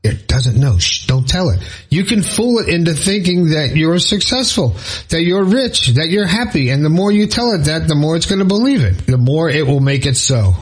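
A man's voice: fairly high pitch, expressive, normal speed, slightly rough, low-quality recording. A man talking straight to his viewers in a casual motivational monologue, earnest and encouraging, repeating points for emphasis and joking with himself now and then. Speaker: motivational vlogger.

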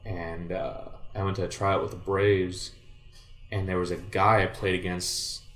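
A young Southern Californian guest, a former baseball player, shares stories from his playing days in a casual chat, speaking in a lowish, level voice at a measured pace. He uses laid-back slang, constantly says "like" and "dude," swears mildly, and jumps high and loud when quoting himself. The room adds a roomy echo, with faint music behind.

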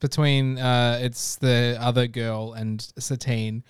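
A young Australian woman in a casual chat with friends, relaxed and full of fillers. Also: extremely low pitch, slow pace, smooth, no room sound, clean studio sound.

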